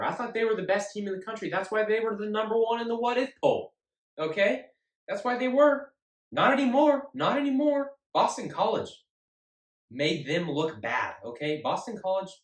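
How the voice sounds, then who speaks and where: Animated man hosting sports talk in an echoey room. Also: high-pitched. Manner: animated and emphatic, repeats himself. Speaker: sports show host. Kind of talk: casual solo sports talk. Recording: echoey room, mic at a distance.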